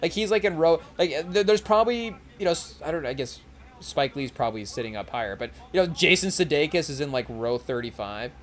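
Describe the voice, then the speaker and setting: Animated and pitched on the high side, a young man hosts a podcast and offers loose live commentary on a basketball game as it plays. He restarts sentences constantly, leans heavily on fillers, and throws in quick celebrity impressions.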